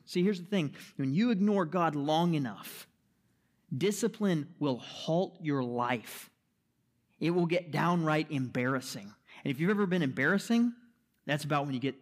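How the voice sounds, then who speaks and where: A man preaching a sermon as pastor, emphatic, posing rhetorical questions and checking in with the listeners. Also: fairly high pitch. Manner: checks in with "right?" and "okay?".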